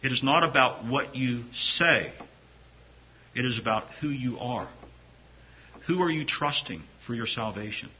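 A man's voice: mid-range voice, animated, measured pace, pauses often, highs cut off, a little hiss or hum. A man preaching a sermon to his congregation in an earnest, conversational way, often restarting his phrases. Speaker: pastor.

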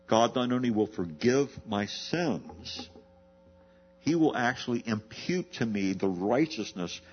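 A pastor preaching an expository sermon, asking rhetorical questions and slowing down to stress key words. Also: male voice, medium pitch, husky, highs cut off.

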